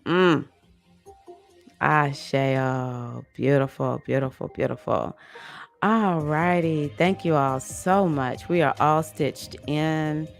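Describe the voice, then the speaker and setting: Woman host, low and slow, soft and affectionate, reading out chat on a live stream over faint music. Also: creaky. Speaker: host of a live online women's circle. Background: music playing.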